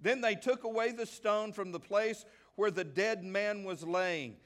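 Preaching a sermon, a high-pitched male pastor from the American South reads long passages of scripture aloud, slowing on key words and bursting into excitement. He poses questions to the congregation and then answers them himself.

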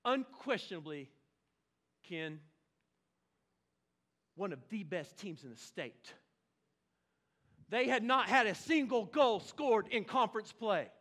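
A man, preaching a lively sermon with exclamations and playful asides. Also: sits high, slow pace, pauses often. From Oklahoma. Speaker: pastor.

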